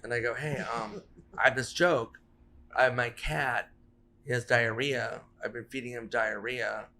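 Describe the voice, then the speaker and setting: Bright-voiced man telling comedy stories. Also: mid-range voice, fairly even intonation, unhurried. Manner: rambling storyteller, laughs through punchlines, swears. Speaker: comedian guest. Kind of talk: casual podcast chat.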